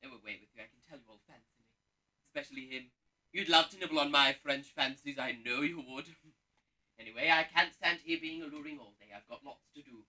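An actor playing a vain, bossy pantomime dame cook on stage, loudly getting the audience to shout back. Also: male voice, on the high side, fast talker. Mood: rousing. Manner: loud, camp, bossy, rouses the audience. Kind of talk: live pantomime stage acting. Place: theatre stage. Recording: distant stage sound from the hall.

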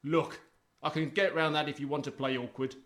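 A man's voice: on the high side, fairly even intonation, fairly quick, fairly bright tone, close to an everyday voice. An actor with a British accent playing a pompous, bullying wealthy man who sneers at his brother in a sitcom. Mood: scornful. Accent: British English. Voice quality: sneering, contemptuous. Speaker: rich brother negotiating a property deal. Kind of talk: sitcom acting.

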